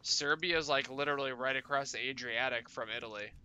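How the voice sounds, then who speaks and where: A man streams and chats with his viewers, rambling through a story full of curse words and "like." His voice is very bright and sharp, set in the middle of the usual pitch range. The talk is loose and unscripted. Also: brisk, clear, resonant tone. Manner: rambling, heavy swearing, lots of "like". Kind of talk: casual chat with viewers.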